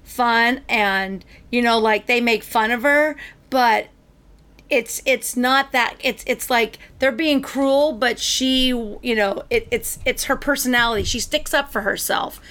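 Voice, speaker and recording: A woman's voice: on the high side, unhurried, a bit bright. A middle-aged woman in casual chat, chatty and giggly, often restarting her sentences.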